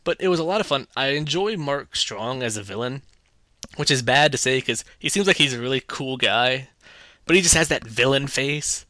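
A man's voice: mid-range voice, animated, moderate pace, pushed and bright, no echo. A young man giving a casual, chatty movie review with sarcastic asides.

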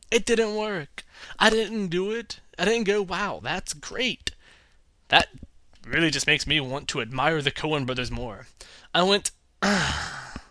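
A man in a casual opinion vlog, reviewing films with animated, exasperated ranting and putting on voices for others. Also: high voice, no room sound. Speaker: film reviewer.

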